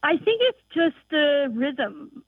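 A woman caller who teaches biology, from North Dakota, talking eagerly with halting fillers on a phone-in show. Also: sits high, sing-song, no room sound. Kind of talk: phone-in chat. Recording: tinny phone line.

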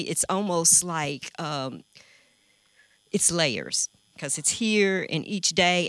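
A woman who works in hospice care, answering a panel question in a calm, measured, explanatory way. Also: on the low side, dry recording. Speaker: hospice grief worker.

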